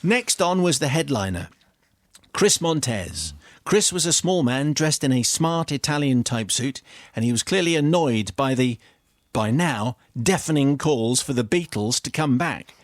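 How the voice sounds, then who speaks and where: A man's voice: medium pitch, expressive, unhurried, no echo, studio quality. A British man hosting a radio show, reading out a listener's confession with amused, theatrical storytelling. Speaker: radio host. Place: radio studio. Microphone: studio microphone.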